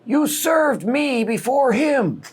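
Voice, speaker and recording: A man's voice: extremely high pitch, big pitch swings, takes it slowly, slightly rough, voice pushed up, exaggerated voice. A man putting on the voice of a confused, apologetic old man who keeps repeating himself. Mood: complaining.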